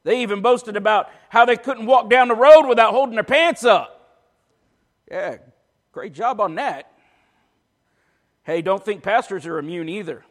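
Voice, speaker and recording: Man, pastor, high voice, sermon, jokey asides then forceful, long church reverb. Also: measured pace, long pauses. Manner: joking asides that build to forceful preaching.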